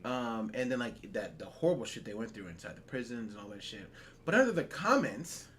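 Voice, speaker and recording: A man's voice: mid-range voice, sing-song, a little fast, fairly bright tone, slight background noise. A man co-hosting a podcast, ranting in heated, profane, incredulous bursts during casual talk. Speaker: podcast co-host.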